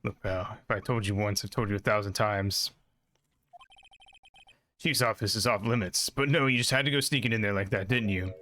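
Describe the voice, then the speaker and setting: A man voicing a gruff, goofy male police detective who talks in a folksy, scolding way. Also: lowish voice, moderate pace, sharp tone, no room sound. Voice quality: folksy, calls people pal.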